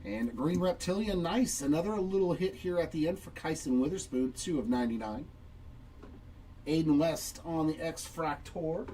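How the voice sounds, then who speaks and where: A man's voice: a little high, normal speed, warm tone, far from the mic, slight background noise, poor audio. A man hosting a live trading card break, chatting upbeat and reacting to each pull while answering viewers.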